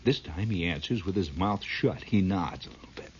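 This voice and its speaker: A man's voice: deep voice, lively intonation, normal speed, a little hiss or hum. Rambling, laughing comic storyteller man. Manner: rambling, laughing at his own tale. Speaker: comedian. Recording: dull lo-fi old recording.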